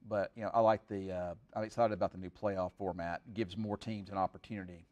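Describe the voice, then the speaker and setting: A man's voice: deep voice, fairly even intonation, fast talker, darkish tone. A middle-aged man chatting casually on a live stream in a rambling, folksy way, full of fillers. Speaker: weather streamer.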